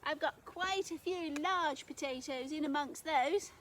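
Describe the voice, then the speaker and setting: High-pitched lady rambling cheerfully while gardening, a bit of faint noise outside. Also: unhurried, a bit bright. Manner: chatty, thinking aloud, cheerful. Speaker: gardening vlogger. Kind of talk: casual narration while digging. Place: garden outdoors.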